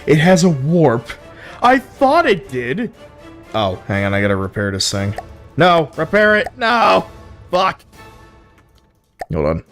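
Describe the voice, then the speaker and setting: A man's voice: on the high side, very animated, measured pace, long pauses, a bit bright, soft background music. A young man streaming, giving frank, profane, easily amused commentary on viewers' builds. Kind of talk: casual live-stream commentary.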